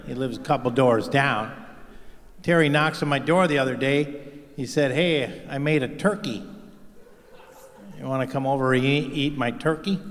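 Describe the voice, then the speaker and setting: A man doing a profane stand-up routine on stage, telling deadpan stories and acting out the other people in them. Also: medium pitch. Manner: profane, deadpan storytelling with acted-out voices. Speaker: stand-up comedian. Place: theater stage with live audience. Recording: live hall reverb.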